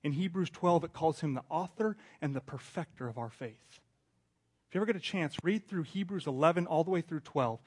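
Conversational preaching man, slightly high voice. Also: fairly quick, slightly rough. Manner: conversational preaching with many restarts and swings from hushed to loud. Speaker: pastor. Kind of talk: sermon.

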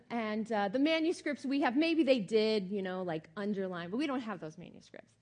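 Animated woman preaching a sermon. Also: fairly high pitch. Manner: animated, emphatic, conversational with many fillers. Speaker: pastor.

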